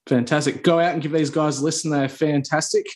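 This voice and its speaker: A man's voice: on the high side, steady tone, brisk. Upbeat Australian man hosting a podcast. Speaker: podcast host. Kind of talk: casual podcast chat.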